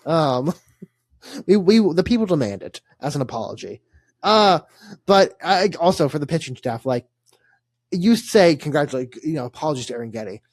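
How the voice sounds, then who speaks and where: A man's voice: fairly high pitch, lively intonation, normal speed, no room sound. A young man, co-hosting a casual sports podcast and telling a rambling story full of laughs and fillers. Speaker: podcast co-host.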